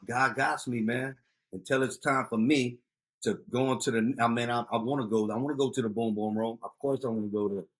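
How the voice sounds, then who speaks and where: Animated husky man telling street stories. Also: mid-range voice. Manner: animated street storyteller, loud outbursts. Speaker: guest, youth outreach founder. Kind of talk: casual storytelling interview.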